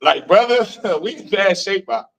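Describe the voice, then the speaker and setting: A man's voice: sits high, animated, a little slow, vocal fry, fairly bright tone, low-quality recording. A man from Missouri giving a preachy street lecture, telling stories and putting questions to the room. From Missouri, USA.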